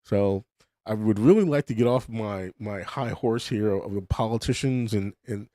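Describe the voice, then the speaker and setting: A man's voice: lowish voice, moderate pace, warm tone, no room sound, clean studio sound. A middle-aged man hosting a podcast, rambling bluntly through a casual monologue full of restarts and swearing. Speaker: podcast host.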